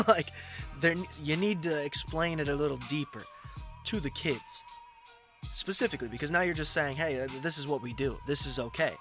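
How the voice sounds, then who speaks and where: A man's voice: on the high side, moderate pace, fairly bright tone. Blunt man lecturing over faint music. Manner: lecturing, blunt, profane asides. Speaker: commentator reacting to a clip. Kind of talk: casual commentary.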